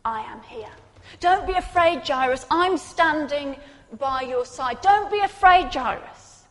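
A woman preacher voicing Jesus as a gentle, comforting man, speaking softly and slowly. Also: sits high. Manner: soft, slow, comforting. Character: gentle, reassuring male Jesus. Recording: long reverb in a large hall.

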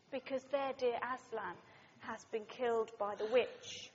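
Brief: female preacher, high voice, dramatic storytelling sermon, dull lo-fi hall sound. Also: little pitch movement, slow. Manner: dramatic storytelling, swinging from loud to hushed.

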